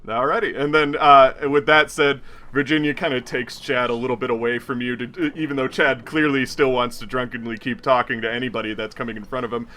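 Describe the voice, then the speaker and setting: A man's voice: mid-range voice, fairly even intonation, a little fast, hardly any pauses, pushed and bright. A man narrating a tabletop horror game as game master, telling the scene like a story. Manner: storytelling, with chuckles.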